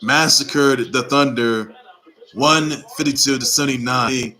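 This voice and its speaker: Speaking a little slowly in a pushed, bright voice of medium pitch, a man hosts his own sports report with casual, rambling commentary. He repeats himself and emphatically urges teams on, and the audio quality is poor.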